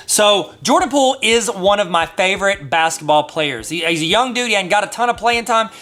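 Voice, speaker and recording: A man in his thirties hosting a sports card video, talking fast and excited with jokey asides. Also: sits high. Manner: hyped, jokey, apologetic asides. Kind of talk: excited casual vlog talk.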